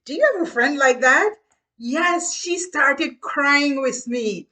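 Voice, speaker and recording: A woman from Guyana, telling childhood memories in a slow, earnest way and speaking straight to her listeners. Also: high-pitched, sharp tone, far from the mic. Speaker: speaker sharing childhood stories. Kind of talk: reflective storytelling to viewers.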